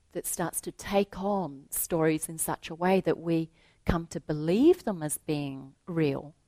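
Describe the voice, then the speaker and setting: A woman giving a reflective spiritual talk, telling a story to make her point in a gentle voice that often drops to a soft hush. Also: low-pitched, no room sound. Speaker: spiritual teacher.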